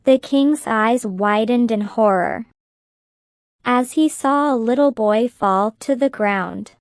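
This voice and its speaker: Slow, clear woman reading a story. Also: fairly high pitch, no room sound, clean studio sound. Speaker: narrator. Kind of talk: slow graded-reader story narration.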